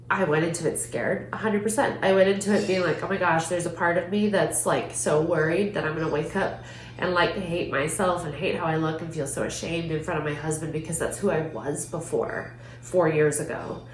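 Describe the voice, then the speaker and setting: A woman hosting a podcast, telling a personal story in an earnest, heartfelt way, often saying "like". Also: lowish voice. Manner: earnest, heartfelt, frequent "like" fillers. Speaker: podcast host. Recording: roomy echo with faint hum.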